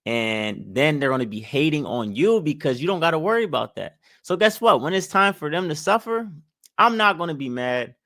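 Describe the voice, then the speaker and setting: A man's voice: fairly high pitch, expressive, normal speed, bright, forceful tone, no echo, clean studio sound. A young man giving blunt, preachy money advice straight to camera, hammering his points with repeated phrases. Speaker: finance commentator. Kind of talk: opinionated direct-to-camera commentary.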